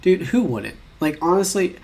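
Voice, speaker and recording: A man's voice: high-pitched, expressive, moderate pace, a little mellow. A young man chatting casually while taking online quizzes, reading questions aloud and rambling in mock-outraged asides, sometimes muttering.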